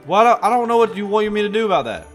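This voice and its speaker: A man's voice: high voice, big pitch swings, fast talker, faint music behind. A man doing casual let's play commentary on a horror game, jumpy and talking to himself and the game. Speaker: gaming host.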